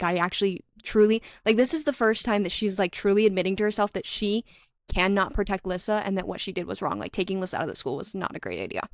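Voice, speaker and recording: Female podcast co-host, mid-pitched, casual recap voice, dry mic. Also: dry recording. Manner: retells scenes with quick quoted voices, many "like" fillers. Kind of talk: casual book recap chat.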